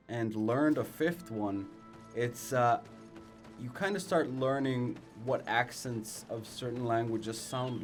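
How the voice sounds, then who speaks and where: A young man, not a native English speaker, giving casual let's play commentary, ranting and swearing with self-mocking asides. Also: medium pitch.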